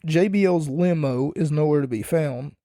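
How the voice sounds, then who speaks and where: A man's voice: a little high, normal speed, mellow, no room sound, clean studio sound. A young man hosting a podcast, rambling casually and opinionated, swearing now and then. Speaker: podcast host. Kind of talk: casual wrestling review monologue.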